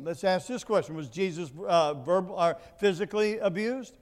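High-voiced preacher in a reverberant hall. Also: male voice, normal speed. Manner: swings from low, quiet asides to loud, emphatic preaching. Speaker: pastor. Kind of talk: sermon. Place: church building.

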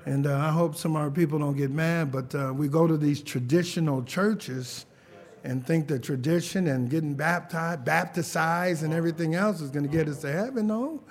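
A man's voice: a little high, moderate pace. A middle-aged man preaching a sermon testimony in a church, telling family stories with frequent chuckles and calls for amen. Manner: lively storytelling, chuckles often, calls for amens.

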